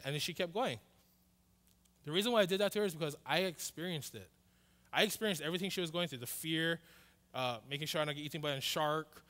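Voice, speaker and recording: Animated pastor in a reverberant hall. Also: male voice, a little high. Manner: animated, acts out both sides of dialogue. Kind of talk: storytelling sermon. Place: church hall.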